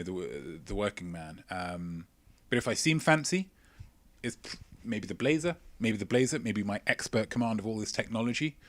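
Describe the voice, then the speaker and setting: A man's voice: on the low side, no echo. A man hosting a live-streamed quiz, reading out viewers' answers with chatty, self-mocking jokes. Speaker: quiz show host.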